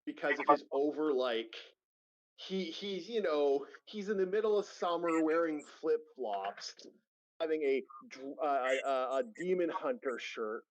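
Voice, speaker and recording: A man's voice: a little high, animated, unhurried. A man on a livestream, casually retelling a wild story with profanity, rambling asides and laughter. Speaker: streamer co-host. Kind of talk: casual stream chat retelling a news story. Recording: lo-fi muffled stream audio.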